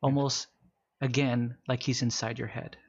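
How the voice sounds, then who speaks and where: A man running a tabletop game as game master, narrating casually with fillers and slowing down for calm scenes. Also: medium pitch, breathy edge, lo-fi sound.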